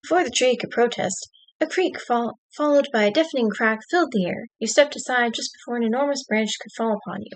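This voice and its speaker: Woman streamer reading a choose-your-path story, dry little asides, kinda high voice. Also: a little fast.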